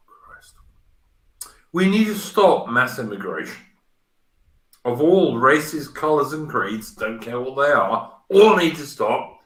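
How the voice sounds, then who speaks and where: Man, middle-aged, from Britain, stream host, emphatic and ranting, animated pitch, off-mic room echo. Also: slow, long pauses. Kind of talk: casual political chat. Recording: roomy, distant from the mic.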